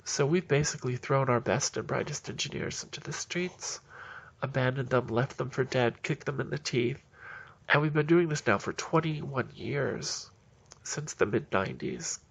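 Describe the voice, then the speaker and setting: A man's voice: mid-range voice, moderate pace, creaky, husky. A man giving heated, indignant solo political commentary in a ranting manner.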